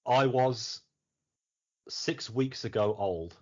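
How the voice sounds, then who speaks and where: A man's voice: medium pitch, slow. A man hosting a podcast in casual chat, rambling and laughing often, with some swearing. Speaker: podcast host. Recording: muffled lo-fi podcast audio.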